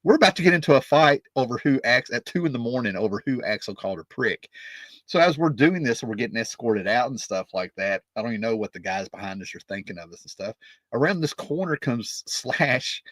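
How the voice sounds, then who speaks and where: A man's voice: medium pitch, expressive, fairly quick, fairly bright tone, dry recording. A man in his fifties telling a rambling, casual story as a music vlogger, often checking in with "right?" and "you know".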